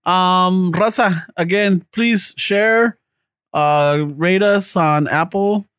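A podcast co-host who jokes around in a laid-back, profane way. His voice is high for a man. It is recorded close and dry. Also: extremely slow, fairly bright tone, clear, resonant tone, no room sound. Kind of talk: casual podcast chat.

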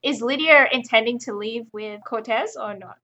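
A woman facilitating a tabletop role-playing game, explaining its rules in a relaxed manner with hedging fillers. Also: fairly high pitch, moderate pace.

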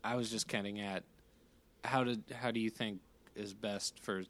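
Man, low pitch, rambling, stumbling, giggly, casual podcast chat. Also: steady tone, normal speed, a bit bright. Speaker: podcast co-host.

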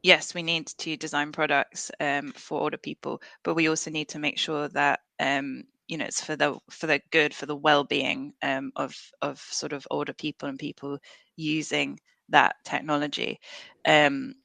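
A woman's voice: low voice, level tone, moderate pace, gravelly, sharp tone, no room sound. A woman researcher talking as a podcast guest, earnest and thoughtful, with frequent fillers and restarts. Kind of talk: podcast interview.

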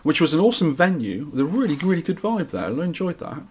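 Husky man with a lively voice. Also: on the high side, fast. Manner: jokey banter, reads listener messages aloud. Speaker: podcast co-host. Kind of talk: casual chat.

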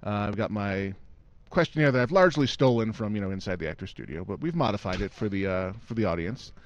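Low-voiced chatty male host. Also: lively intonation, fast, no echo. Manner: chatty, reads listener questions. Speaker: interviewer, host. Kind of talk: casual interview.

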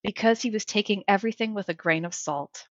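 A woman's voice: mid-range voice, a little fast, dry recording, lo-fi sound. A woman from Minnesota, a researcher guest on a podcast, chatting in a playful way. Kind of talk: casual podcast chat.

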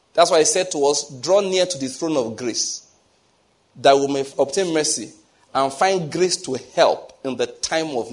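A man preaching a sermon, telling personal stories and repeating phrases for emphasis. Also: fairly high pitch. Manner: storytelling, repeats phrases for emphasis, asks listeners rhetorical questions.

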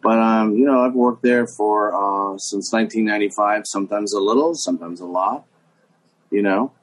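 A man's voice: on the low side, normal speed, breathy edge, rough recording. A middle-aged man guesting on a chat show, talking in a hesitant, musing way with many fillers. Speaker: guest impressionist. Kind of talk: casual chat.

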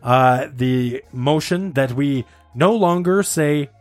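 A man co-hosting a casual chat, telling a story in an animated, laughing way. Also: mid-range voice, slow pace, faint music behind.

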